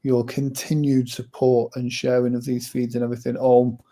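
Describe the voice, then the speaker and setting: Mellow-voiced man hosting a casual show. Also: mid-range voice, moderate pace. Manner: warm thanks, relaxed, gives shout-outs. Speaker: show host. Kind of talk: casual chat.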